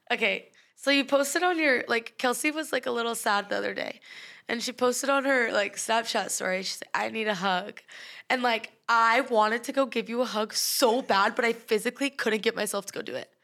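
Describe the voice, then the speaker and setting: Bright, giggly young woman co-host. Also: on the high side, moderate pace, gravelly. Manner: giggly, chatty, filler-heavy. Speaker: podcast co-host. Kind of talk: casual chat.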